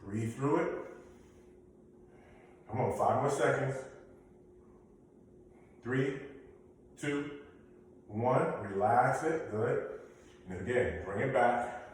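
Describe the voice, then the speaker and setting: A man's voice: mid-range voice, extremely slow, pauses often, a little hiss or hum. A man leading a basic workout class, giving coaching cues and counting down the reps. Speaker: fitness instructor. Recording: very echoey room, mic far off.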